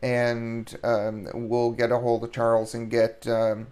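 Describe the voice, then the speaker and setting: A man hosting a live stream, talking haltingly with many ums and restarts as he thanks the chat. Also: mid-range voice, monotone, a little mellow, clear, resonant tone. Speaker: stream host.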